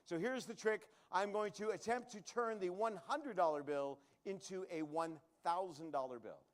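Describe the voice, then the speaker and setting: A man performing a live comedy magic act on a showroom stage, cracking jokes and chatting with the crowd as he does tricks. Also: sits high. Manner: joking, quick asides to the crowd.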